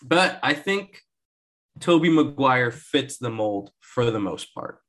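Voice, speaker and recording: A man co-hosting a casual movie review chat, animated and joking. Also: medium pitch, slow. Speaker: podcast co-host.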